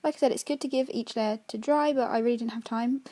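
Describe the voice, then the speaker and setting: A woman talks through her makeup tutorial in a quick, chatty voice-over. Her voice sits high and she moves along fast, explaining every step. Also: steady tone, warm tone. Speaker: makeup artist.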